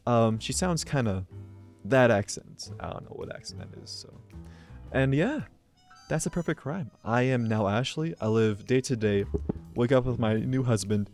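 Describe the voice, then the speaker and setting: A man's voice: mid-range voice, normal speed, a little mellow, soft background music. A young man co-hosting a podcast, telling playful, rambling stories full of fillers in casual chat. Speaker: podcast co-host.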